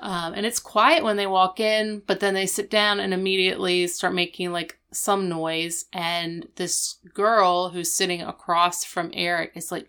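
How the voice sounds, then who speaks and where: A young woman with a low, smooth, clear voice recaps a TV episode in casual chat. She retells the plot in quick, animated bursts, filled with "like" and "um". She slips into the characters' voices as she goes. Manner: animated storytelling, acting out the characters' lines; chatty, with many fillers like "like" and "um". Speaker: podcast co-host.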